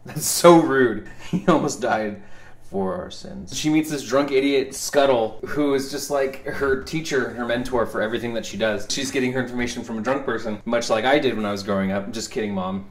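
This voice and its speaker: A man in a mid-range voice rants for laughs, sarcastic and theatrical, with sudden loud outbursts. His voice rings around a bare, echoey room. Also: medium pitch, a little fast, slight background noise. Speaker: comedic vlogger. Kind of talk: comedic rant.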